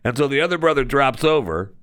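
A man hosting a radio show, chatting casually and telling a story with lively jokes from a studio. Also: mid-range voice, fast talker, dry recording. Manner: animated storytelling, joking. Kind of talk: casual chat.

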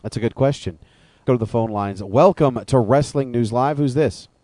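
A man's voice: mid-range voice, normal speed, darkish tone, no room sound. Wisecracking male radio co-host. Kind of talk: casual call-in radio talk.

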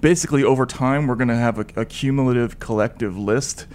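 A man with a mid-range voice co-hosts a casual podcast. He explains things in a loose, relaxed way, with plenty of fillers along the way. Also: medium pitch, fast talker. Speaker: podcast co-host. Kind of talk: casual political chat.

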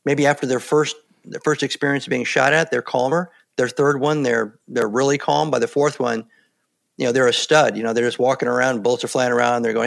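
Older male interview guest, gravelly tone, calm and plain-spoken, a steady storyteller. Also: mid-range voice, fairly quick. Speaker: guest, former Navy SEAL. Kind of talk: casual interview talk.

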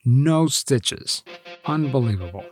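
Man, documentary host, wry narration, lively pitch, faint music behind. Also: slow, no echo, studio quality. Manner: wry, incredulous.

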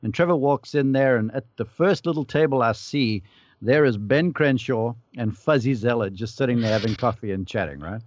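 On a podcast, a panelist who used to be a caddie casually tells an anecdote, acting out the dialogue of the people in it. His mid-range voice moves at normal speed, and the recording is muffled with no room sound.

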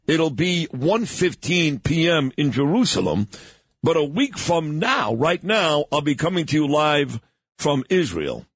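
A man's voice: on the high side, sing-song, a little slow, breathy edge, no room sound. A man hosting a morning radio talk show, chatting casually, joking and talking sports. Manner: chatty, joking, coughing at times.

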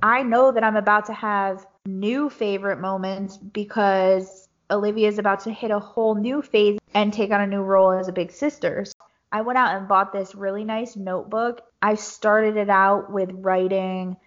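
A woman's voice: mid-range voice, steady tone, moderate pace. Chatty woman co-host, dull lo-fi sound. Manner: chatty, laughs easily. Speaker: podcast co-host. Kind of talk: casual chat. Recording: dull lo-fi recording.

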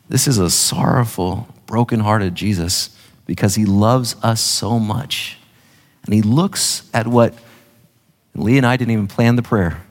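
A man's voice: lowish voice, measured pace. A male pastor preaching a sermon in an earnest, impassioned way with emphatic repetition. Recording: echoey hall.

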